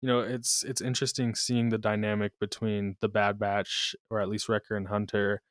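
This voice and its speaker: A man's voice: lowish voice, level tone, normal speed, dry recording, studio quality. A man co-hosting a podcast in casual chat. He is laid-back, laughs often and swears casually. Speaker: podcast co-host.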